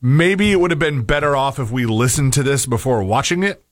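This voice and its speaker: A man's voice: medium pitch, animated, brisk, no room sound. Radio co-host guy, musing and hesitant, dry studio sound. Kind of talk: casual chat on talk radio.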